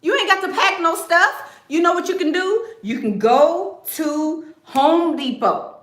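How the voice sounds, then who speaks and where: Sassy, lively woman in a roomy echo. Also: very high voice, unhurried. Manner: blunt, sassy, joking, laughs often. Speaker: livestream host giving life advice. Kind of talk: casual livestream advice talk.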